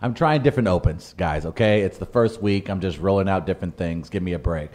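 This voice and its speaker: A man co-hosting a casual morning podcast, with an animated, teasing way of talking. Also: deep voice, fast talker, few pauses. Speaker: podcast co-host. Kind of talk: casual morning show banter.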